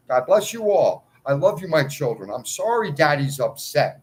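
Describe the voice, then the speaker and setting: A man's voice: on the high side, big pitch swings, moderate pace, hardly any pauses, poor audio. A man in a ranting monologue to his followers, agitated and pleading, swinging between outbursts and muttered asides. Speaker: self-styled cleric addressing followers.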